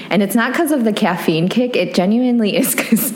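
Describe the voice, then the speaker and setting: A woman's voice: a little high, a little fast, slight background noise. A young woman co-hosting a casual podcast, chatting openly and laughing often at herself. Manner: laughs often, animated, self-deprecating. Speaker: podcast co-host.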